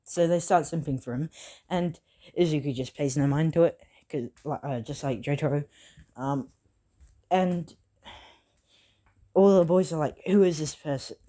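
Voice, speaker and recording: Low, slow, rambling woman storyteller. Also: warm tone. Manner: rambling, many fillers and self-corrections. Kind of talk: improvised fan story retelling.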